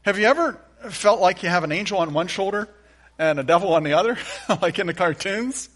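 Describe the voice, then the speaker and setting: A man preaching from the pulpit, his voice sitting a touch higher than most men's. He leans into repeated refrains and reads scripture aloud with dramatic emphasis. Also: lively intonation, a little fast, a bit bright. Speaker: pastor. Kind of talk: sermon.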